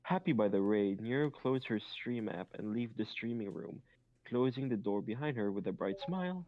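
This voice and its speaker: A man's voice: lowish voice, expressive, moderate pace, dry recording, muffled recording. A man reading fan fiction aloud, stumbling on awkward grammar and making joking asides. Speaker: reader.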